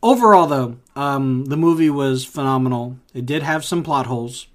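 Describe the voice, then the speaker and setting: A man co-hosting a podcast in casual chat, steady and steering the talk back on track. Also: medium pitch, moderate pace. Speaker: podcast co-host.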